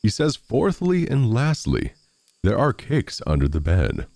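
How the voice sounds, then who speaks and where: A man's voice: medium pitch, wildly swooping pitch, unhurried, creaky, darkish tone, dry recording, pitched above the performer's own voice, full character voice. A man voicing a sly, clever little farmer in a storybook reading, with a knowing, slightly raised voice.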